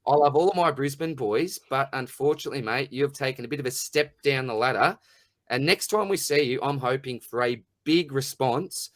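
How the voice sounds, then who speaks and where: A man's voice: medium pitch, brisk. A middle-aged man with an Australian accent, hosting a podcast in blunt, rambling, jokey rants. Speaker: podcast host. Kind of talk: casual chat.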